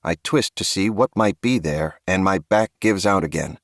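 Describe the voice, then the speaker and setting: A man's voice: low voice, normal speed, no room sound, clean studio sound. A man reading a first-person horror audiobook with a grave, tense storytelling manner. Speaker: audiobook narrator.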